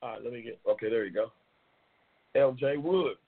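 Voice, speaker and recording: A man's voice: mid-range voice, moderate pace, creaky, breathy edge. A man hosting a casual live-stream talk show in a loose, slangy, rambling manner, repeating his phrases. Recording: tinny phone-like line.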